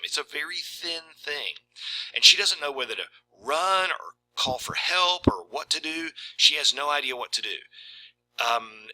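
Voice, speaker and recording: A man talks through a short story in a loose, conversational way and keeps checking in with "right?". His voice is very bright and sharp. It sits at an ordinary male pitch. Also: low-quality recording. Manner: conversational, frequent "right?" asides. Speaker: literature video presenter. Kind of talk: casual discussion of a short story, reading passages aloud.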